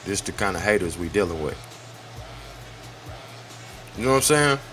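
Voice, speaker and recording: Male lesson host, slangy and profane, bright edge, lowish voice. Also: animated, moderate pace, soft background music. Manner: blunt, profane and slangy, talking straight to viewers. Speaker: online history lesson host. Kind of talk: casual commentary over a played video.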